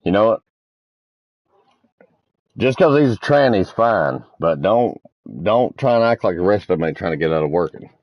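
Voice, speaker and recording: A man's voice: fairly low pitch, animated, moderate pace, long pauses, no echo, muffled recording. A man streaming a multiplayer game, chatting casually and crudely with friends, telling rambling stories and teasing them. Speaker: gaming streamer.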